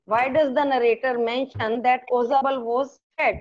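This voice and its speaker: A woman teacher with an Indian accent who repeats each question, explains slowly and slips into Hindi. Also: high-pitched, steady tone, a little mellow, highs cut off, a little hiss or hum. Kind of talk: online class lesson.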